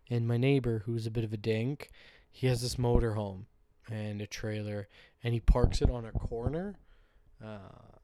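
A man's voice: medium pitch, mellow, dry recording. A man hosting a solo podcast, chatting casually in a loose, rambling, joking way with some swearing. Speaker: podcast host. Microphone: podcast microphone.

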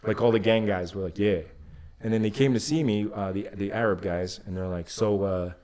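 A man telling a story in casual chat, animated, swearing a lot and acting out the people in it. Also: lowish voice, fast. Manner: animated, swears a lot, acts out the voices in his stories. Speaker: podcast guest.

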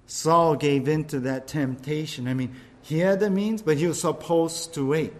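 A man's voice: on the high side, moderate pace. A man preaching a sermon in a casual, conversational way, often asking "right?" and acting out quoted voices. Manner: repeats words, frequent "right?" asides. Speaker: pastor.

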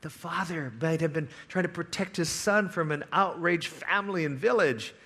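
Bright-voiced man preaching a sermon. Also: on the high side, moderate pace. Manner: storytelling with dramatic swings from hushed to loud. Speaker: pastor.

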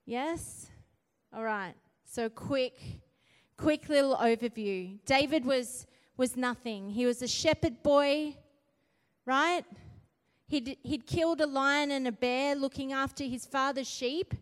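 A woman's voice: high-pitched, takes it slowly. A woman preaching a sermon earnestly, driving points home with rising emphasis and frequent "right?" tags. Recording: long hall reverb.

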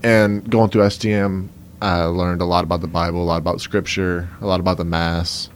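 A young South Louisiana man with a Cajun accent answers questions as a guest in a conversational interview, easygoing and full of fillers. His voice is low with little pitch movement, his pace brisk, and there's slight background noise.

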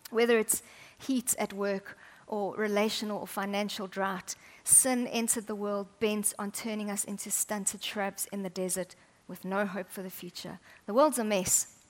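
A woman preaching a sermon, chatty and humorous, often dropping to soft, intimate tones. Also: medium pitch, fairly even intonation, normal speed, few pauses.

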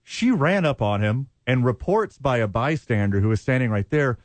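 A man's voice: mid-range voice, animated, moderate pace, no echo. A man hosting sports talk radio, blunt and sarcastic as he argues. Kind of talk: heated sports talk debate.

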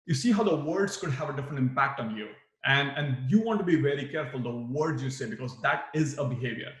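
A man's voice: mid-range voice, animated, quick pace, reverberant. A man teaching a workshop for new managers, acting out example replies with big swings in his voice. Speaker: management trainer. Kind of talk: live workshop talk on management.

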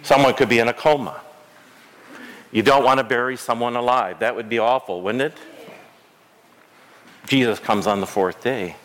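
A man preaching a sermon in a church, telling the stories slowly with dramatic pauses. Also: mid-range voice, fairly bright tone. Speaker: pastor. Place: church sanctuary.

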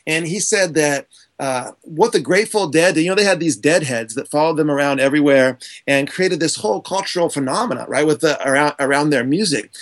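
A man speaks with fierce conviction, leaning hard on his key points. His voice sits a little high for a man. He gestures as he talks, and it carries into his delivery. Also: brisk. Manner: passionate, emphatic, gesturing while talking. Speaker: guest, author and speaker on teaching. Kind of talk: animated podcast conversation.

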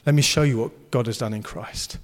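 A man's voice: mid-range voice, brisk, big-room sound. A man preaching a sermon, earnest and encouraging, and he slips into playful banter. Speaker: pastor.

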